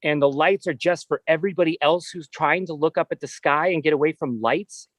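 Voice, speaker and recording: A man's voice: a little high, fairly quick, dry recording. Blunt ranting man host. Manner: blunt, gets worked up ranting. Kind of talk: casual livestream chat.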